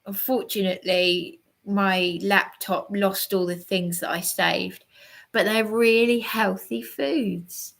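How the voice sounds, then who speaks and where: A tired woman rambles through a casual livestream chat, stopping and restarting her sentences. She talks slowly, and her voice has a gravelly, creaky edge. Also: mid-range voice, steady tone, a bit bright. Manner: rambling, hesitant, many restarts.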